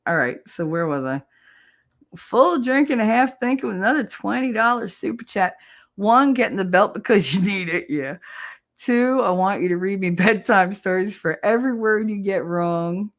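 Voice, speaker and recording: A woman's voice: mid-range voice, animated, normal speed. A middle-aged woman with a New Jersey accent, chatting casually on a livestream, laughing often and swearing freely. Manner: loud, laughing, profane storytelling. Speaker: livestream host.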